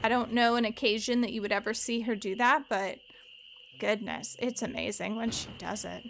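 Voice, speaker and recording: Chatty woman streamer, slightly high voice. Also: fairly even intonation, moderate pace, vocal fry, slight background noise. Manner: chatty, rambling asides to chat. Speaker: streamer playing a mystery game. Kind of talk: casual let's-play chat.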